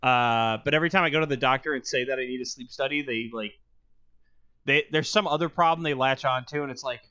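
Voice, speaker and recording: A young man co-hosting a casual podcast, with dry, deadpan humor. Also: medium pitch, quick pace, smooth, dry recording, highs cut off. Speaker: podcast co-host. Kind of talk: casual chat.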